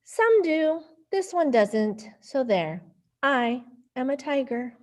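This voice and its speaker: A woman's voice: high-pitched, big pitch swings, slow pace, full character voice. A woman reading a stubborn little mouse. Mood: insistent. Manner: proud, insistent. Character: small stubborn mouse insisting he is a tiger. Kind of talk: storybook reading.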